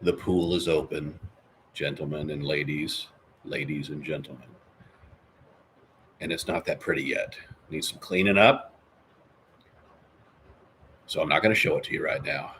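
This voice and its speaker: A man's voice: extremely low pitch, unhurried, pauses often, a bit bright, a little hiss or hum. A man hosting a live podcast in casual, jokey, rambling chat, reading out viewer comments. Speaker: podcast host.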